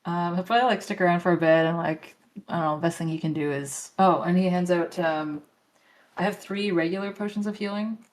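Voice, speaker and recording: A woman at the table as a player, telling the game master what her character does. Her voice sits a little low for a woman. She thinks aloud as she goes, hedging and trailing off with ums. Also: fairly even intonation, brisk. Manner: tentative, thinking aloud with fillers. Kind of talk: casual tabletop game play.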